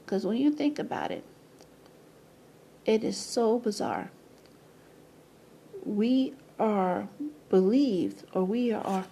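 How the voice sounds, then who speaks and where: A woman talking casually to her camera, rambling, repeating words and breaking into loud laughing asides. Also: medium pitch, gravelly, a little hiss or hum. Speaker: video presenter. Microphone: camera mic.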